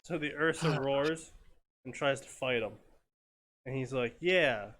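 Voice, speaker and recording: A man hosting a casual show, reading fanfiction aloud in a deadpan, sarcastic way and swearing freely. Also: mid-range voice, unhurried.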